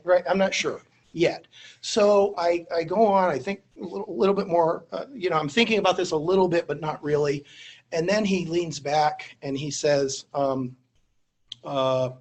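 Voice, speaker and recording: A man who teaches at a university, telling an anecdote in a lecture, self-deprecating, with many fillers and restarts. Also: a little high. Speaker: university instructor. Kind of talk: storytelling lecture.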